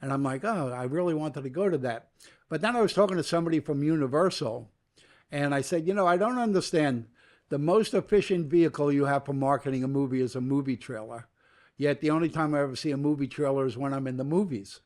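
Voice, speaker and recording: A man's voice: on the high side, fast talker. An older man from New York, a guest in an interview, telling long stories and acting out the dialogue as he goes. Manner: animated storyteller acting out quoted dialogue. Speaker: guest, media entrepreneur. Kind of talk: storytelling interview.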